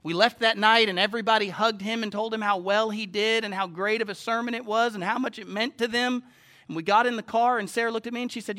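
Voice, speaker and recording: A man preaching a sermon who tells stories quietly, then builds to loud, passionate proclaiming. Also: high-pitched, steady tone, quick pace. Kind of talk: sermon with storytelling.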